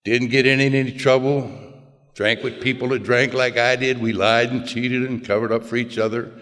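An older man shares his own story in a personal storytelling talk, folksy, plain-spoken and full of self-mocking humor. His mid-range voice is level and fairly bright at normal speed, with long hall reverb on the recording.

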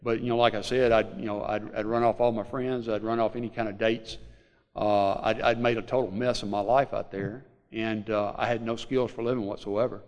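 A man's voice: lowish voice, level tone, dull audio. Rambling Southern man in a reverberant hall. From Mississippi Delta, USA. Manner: rambling, halting, with many fillers and restarts. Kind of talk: personal recovery story told to a group.

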